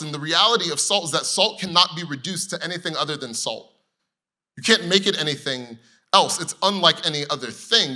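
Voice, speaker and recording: A male pastor delivering a sermon in a lively, conversational way, telling humorous stories and asking the room rhetorical questions. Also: fairly high pitch. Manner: storytelling with humor.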